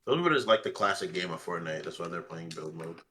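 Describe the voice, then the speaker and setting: A man's voice: sits low, lively intonation, quick pace, pushed and bright. A man joining a casual stream chat, teasing and swearing through friendly banter.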